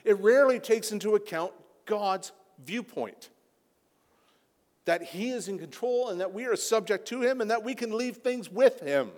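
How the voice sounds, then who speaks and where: A man preaching a sermon as a pastor, impassioned, rising to near-shouting peaks. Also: high voice, animated, moderate pace. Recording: long hall reverb.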